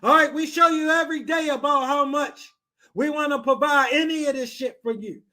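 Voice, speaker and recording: High-voiced man giving blunt mocking commentary. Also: moderate pace, bright, forceful tone. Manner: blunt, mocking, repeats himself. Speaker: reaction podcast host. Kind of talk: profane reaction commentary.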